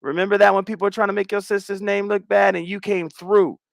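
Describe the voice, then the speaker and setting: Male livestream host, fairly high voice, dry close mic, slangy and animated. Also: quick pace, gravelly, no room sound. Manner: animated, swings between loud and mumbled asides; slangy, repeats phrases. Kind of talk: casual livestream chat.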